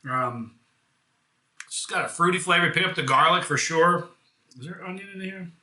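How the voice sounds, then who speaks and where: A man's voice: on the high side, normal speed, pushed and bright, echoey room. A man from the United States hosting a casual live hot sauce review, chatty and enthusiastic, with self-deprecating jokes.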